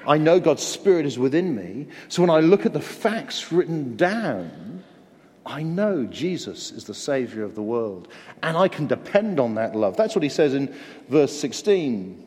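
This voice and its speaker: A man's voice: a little high, very animated, a little slow, a little mellow. An English man preaching a sermon, earnest and conversational, with self-deprecating humor. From England. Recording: long hall reverb.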